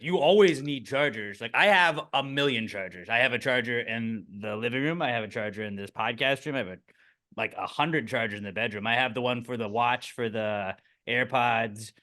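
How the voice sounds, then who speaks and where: A man's voice: mid-range voice, a little fast, sharp tone. A man co-hosting a podcast, chatting casually, joking and piling up examples as he trails off. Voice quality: joking, list-making, trailing off. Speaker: podcast co-host.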